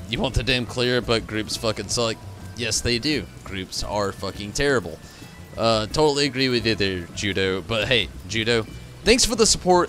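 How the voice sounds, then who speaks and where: A man's voice: lowish voice, pushed and bright. A tired, frustrated man signing off his stream, rambling and swearing as he thanks his chat. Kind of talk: casual stream sign-off to chat.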